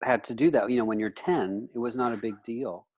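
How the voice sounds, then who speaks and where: A man's voice: medium pitch, a little fast, darkish tone. A man in his fifties from the United States, a guest in a casual interview who rambles and leans on "you know" fillers.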